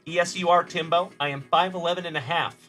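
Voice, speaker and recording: Livestream host, male, friendly and upbeat, with a bright, forward tone. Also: fairly high pitch, steady tone, brisk, faint music behind. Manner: upbeat and friendly, calling viewers buddy and brother. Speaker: host of a card-breaking livestream. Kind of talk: live stream chat, reading viewer comments.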